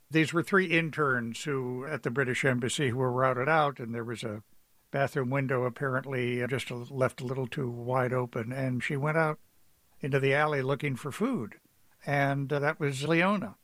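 A man's voice: mid-range voice, steady tone, moderate pace, fairly bright tone, no echo. A man being interviewed on the radio as an author, telling stories in a reflective, anecdotal way. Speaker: author guest.

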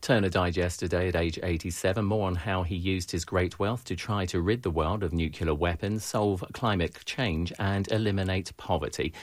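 A man hosting a public radio morning show, interviewing and reading announcements in a measured, polished way into a studio microphone. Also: low-pitched, steady tone, no room sound. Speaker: radio host.

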